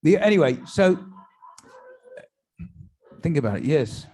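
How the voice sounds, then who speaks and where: A man, a rabbi, telling jokes at a tribute event in a synagogue, pausing with fillers and restarts and slipping into German and Yiddish phrases for his characters. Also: fairly high pitch, big pitch swings, darkish tone, slight background noise. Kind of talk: stand-up joke telling at a tribute.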